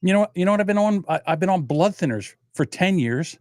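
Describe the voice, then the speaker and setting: High-pitched, expressive, and a little mellow, this livestream host talks fast over clean, echo-free studio audio. He is a man in his sixties whose casual chat runs to meandering, profanity-laced stories.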